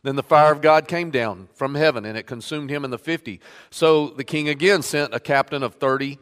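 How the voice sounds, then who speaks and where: A man's voice: medium pitch, fairly bright tone, big-room sound. A man preaching a sermon, reading scripture aloud and stressing the quoted lines, then leading a prayer. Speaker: pastor. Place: church sanctuary.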